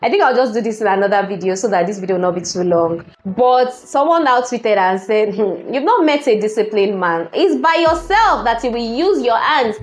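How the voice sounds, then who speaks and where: Chatty Nigerian woman, high voice. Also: normal speed, hardly any pauses, slight background noise. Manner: laughs often, lively and chatty. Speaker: vlogger. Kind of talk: casual commentary reading tweets.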